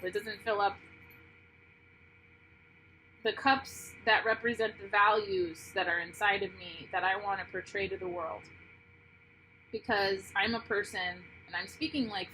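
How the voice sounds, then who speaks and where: A woman doing an intuitive tarot reading to camera, earnest and heartfelt, often pausing and restarting. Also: mid-range voice, sharp tone, slight background noise, rough recording. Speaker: tarot reader.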